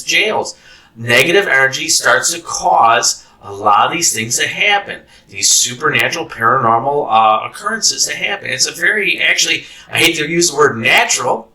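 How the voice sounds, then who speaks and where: Host, man, animated storyteller, sharp bright tone, recorded from a distance. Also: medium pitch. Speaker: host and former corrections officer. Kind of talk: casual storytelling interview.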